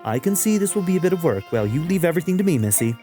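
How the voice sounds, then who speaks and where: A vain, grandiose city lady from a fantasy game, performed by a man reading along. She talks high and haughty, with a mellow tone and faint game music in the background. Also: sing-song, racing. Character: pompous elegant city woman, vain.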